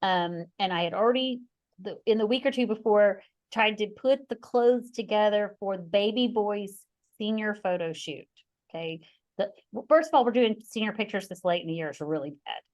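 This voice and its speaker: A woman in her forties with a mid-range voice hosts a conversational podcast at a moderate pace. She tells stories expressively, slipping into the quoted voices of her family and herself, rambling animatedly with restarts and bursts of laughter.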